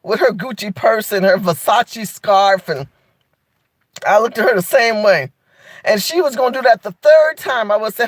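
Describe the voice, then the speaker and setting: A woman's voice: fairly high pitch, moderate pace, dry recording. A woman hosting a live video, talking straight to her viewers in a sassy, emphatic way. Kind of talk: animated live-stream commentary.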